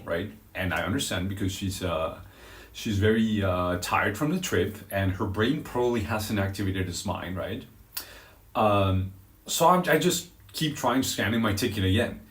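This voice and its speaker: A man streaming live, telling a story in a dramatic, animated way with crude language. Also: fairly low pitch, reverberant. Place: outdoors on a walk.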